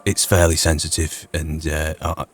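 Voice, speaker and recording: A man's voice: extremely low pitch, level tone, moderate pace. A man playing a blunt, teasing, suspicious frontier fisherman. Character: gruff cagey frontier man who fishes.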